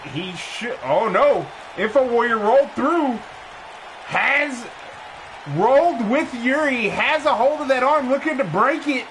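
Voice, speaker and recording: A man calling a wrestling match in excited play-by-play, often shouting. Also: very high voice. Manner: frequent shouting. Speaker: wrestling commentator. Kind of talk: excited play-by-play commentary on a game stream. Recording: crowd and noise behind.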